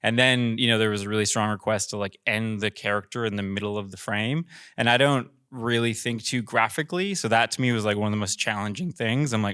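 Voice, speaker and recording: Bright, smooth-voiced man telling a rambling story. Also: fairly low pitch, steady tone, moderate pace, dry recording, clean studio sound. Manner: rambling, filler-heavy storytelling. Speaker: commercial director on a panel. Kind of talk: casual panel talk. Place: theater.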